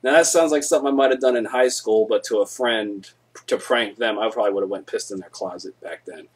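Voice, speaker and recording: Laid-back, profane husky-voiced man. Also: on the low side, fast. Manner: laid-back, profane, loud when acting out stories. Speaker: live-stream host. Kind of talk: casual live-stream storytelling.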